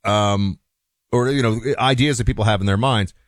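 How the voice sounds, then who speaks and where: A man's voice: on the low side, moderate pace, no echo, clean studio sound. Opinionated male radio host. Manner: rambling, opinionated, with frequent restarts and quoted asides. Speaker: radio talk show host. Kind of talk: conversational radio monologue.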